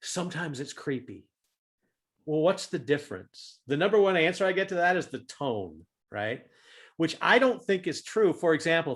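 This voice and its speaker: A man giving a talk on humor and leadership over a video call, animated and fond of loud acted-out demonstrations. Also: on the high side, normal speed, pauses often.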